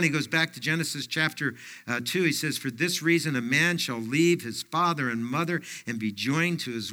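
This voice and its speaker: A man's voice: on the high side, pushed and bright. An older man giving a folksy sermon, often dropping in fillers and personal stories. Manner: folksy, anecdotal preaching with frequent fillers. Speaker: pastor.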